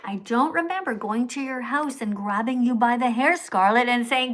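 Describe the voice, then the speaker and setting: A middle-aged woman hosting a livestream, reading paid chat messages aloud and lecturing the sender in a preachy, scolding way, dropping to hushed whispers and rising to loud outbursts. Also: on the high side, moderate pace, hardly any pauses. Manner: preachy, scolding, repeats the commenter's name. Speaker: livestream host.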